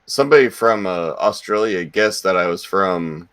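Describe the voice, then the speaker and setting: A man's voice: low-pitched, moderate pace, a bit bright, clear, resonant tone, dry recording, clean studio sound. A man streaming while chatting casually with friends on an online call, easygoing and laughing often. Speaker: streamer, podcast guest.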